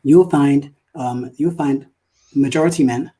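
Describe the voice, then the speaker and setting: A man from London with a British accent, a guest on a video call, talking quickly and searching for words with many fillers. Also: mid-range voice, warm tone, slightly rough, low-quality recording. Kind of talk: casual interview talk.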